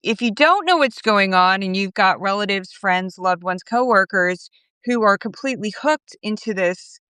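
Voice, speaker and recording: Smooth-voiced woman chatting as a guest. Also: mid-range voice, moderate pace, dry recording. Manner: animated storyteller, mimics others in quotes. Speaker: guest commentator. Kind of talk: casual interview chat.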